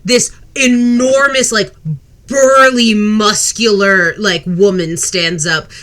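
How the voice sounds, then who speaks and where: A woman's voice: mid-range voice, fairly even intonation, slow, a bit bright. A woman narrating a tabletop game as game master, casual and giggly. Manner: giggly, casual, many fillers.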